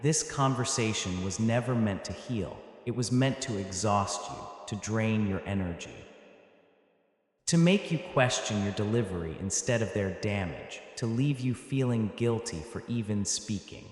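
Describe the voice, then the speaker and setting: Low-voiced man narrating in heavy echo. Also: expressive. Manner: slow, emphatic, in short clipped phrases with pauses. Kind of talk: dramatic motivational voice-over. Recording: heavy echo with long hall reverb.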